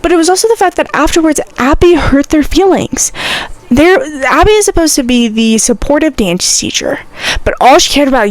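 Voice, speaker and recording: A young woman with a high voice hosts her own podcast and talks it through alone. She sounds animated and indignant, and she leans on "like" and "I'm sorry" as she rants in a casual, offhand way. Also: normal speed. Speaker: podcast host. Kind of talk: casual solo podcast chat.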